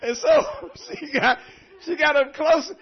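A man preaching a sermon, telling stories in an animated way and laughing often. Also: very high voice, takes it slowly. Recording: dull lo-fi recording.

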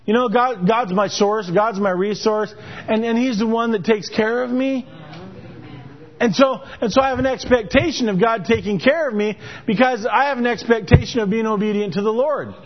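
A man with a very high voice preaches a sermon, telling a story as if chatting with the congregation. He stumbles and restarts often, repeating words as he goes. The recording is dull and lo-fi. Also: normal speed. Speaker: pastor.

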